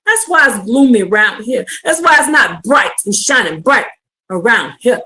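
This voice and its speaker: A woman preaching a livestreamed sermon, fervent and building to shouted exhortation. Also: fairly high pitch, expressive, moderate pace.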